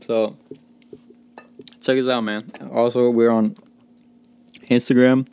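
A man's voice: mid-range voice, little pitch movement, slow, a little mellow, slight background noise. A man from Mexico hosting a casual podcast, telling stories in a loose, profane way, full of fillers and chuckles. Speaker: podcast host.

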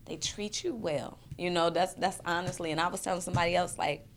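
A woman in her thirties talks about her art with earnest, emotional candor, circling back over her words as she thinks. Her voice sits low. A faint hum of room ambience lies behind her. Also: fairly even intonation, a little fast. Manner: earnest, emotional, repeats words while searching. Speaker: poet and performance artist. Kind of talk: candid interview conversation.

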